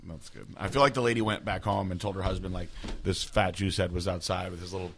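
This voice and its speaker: A man's voice: low-pitched, fairly even intonation, fast talker, noisy background. A man co-hosting a casual podcast, blunt and crude, swearing freely as he tells stories. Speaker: podcast co-host.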